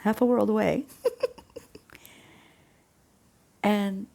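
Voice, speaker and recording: A woman casually retelling a film plot, an animated storyteller who chuckles and drops into hushed asides. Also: mid-range voice, very slow, vocal fry. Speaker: faith channel host.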